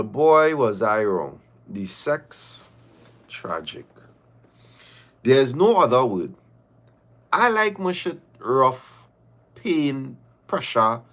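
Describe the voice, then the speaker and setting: Animated man reading stories. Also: mid-range voice. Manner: animated, laughing, mock-outraged asides. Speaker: host reading listener stories. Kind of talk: live show storytelling.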